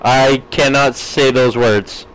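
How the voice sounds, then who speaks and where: Man, casual streamer, mid-pitched voice, chatty, reacts to chat, laughs a lot. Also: steady tone, slow pace, a bit bright, poor audio. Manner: chatty, reads out and answers chat, laughs often. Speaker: gaming streamer.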